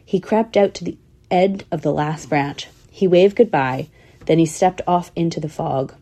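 A woman's voice: fairly low pitch, unhurried, mellow. A woman voicing a young female squirrel telling her story in a matter-of-fact, thoughtful way. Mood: earnest.

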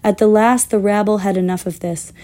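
A woman reading a children's fantasy book aloud in a measured, expressive way, with the odd slip. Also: mid-range voice. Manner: measured, expressive, with small slips. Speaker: storyteller.

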